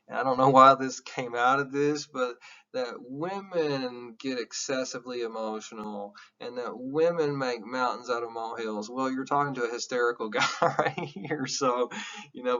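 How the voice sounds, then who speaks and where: A man teaching a college psychology class, lecturing in an animated, candid way with jokey asides and some swearing. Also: mid-range voice, highs cut off.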